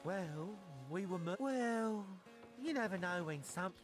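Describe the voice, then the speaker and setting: An actor with a British accent voicing a sardonic stranded merchant sailor in a fantasy video game. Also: male voice, high voice, expressive, slow pace, over music.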